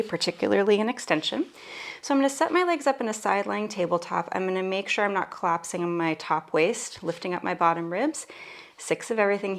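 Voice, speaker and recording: A Pilates instructor leads a guided mat workout, doing the moves herself while cueing them in a casual, playful way. Her voice is mid-range and creaky, and at times she is out of breath.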